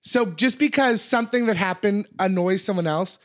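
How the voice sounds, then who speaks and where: A woman's voice: mid-range voice, normal speed. A young woman co-hosting a podcast in casual chat, teasing bluntly and swearing freely. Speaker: podcast co-host.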